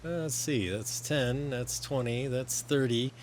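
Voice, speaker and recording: A man's voice: mid-range voice, measured pace, a little hiss or hum. A man narrating as game master in a casual online tabletop session, laughing often. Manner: laughs often, relaxed and chatty.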